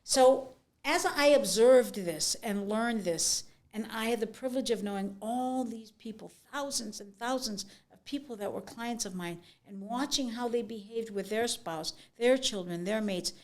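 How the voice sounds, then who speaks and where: Frank, animated middle-aged woman. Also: fairly high pitch, unhurried. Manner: frank, animated storyteller, acts out quotes. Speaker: author and guest. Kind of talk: conversational interview.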